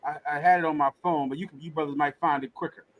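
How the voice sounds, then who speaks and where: A man's voice: a little high, fairly even intonation, quick pace. A man teaching a scripture class in a blunt, emphatic preaching style, repeating his points for emphasis. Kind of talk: preaching Bible commentary.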